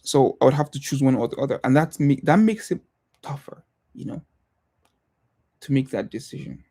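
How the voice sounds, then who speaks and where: A young man with a non-American English accent, talking on a livestream in a reflective, hesitant way, pausing and restarting often. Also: medium pitch, expressive, warm tone. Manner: thoughtful, hesitant, many pauses and restarts. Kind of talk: casual reflective livestream talk.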